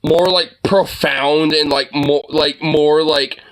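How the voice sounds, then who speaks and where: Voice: mid-range voice, steady tone, takes it slowly, fairly bright tone. A young adult streamer reacting live to a political debate, mocking it with profane outbursts, laughter and stammering.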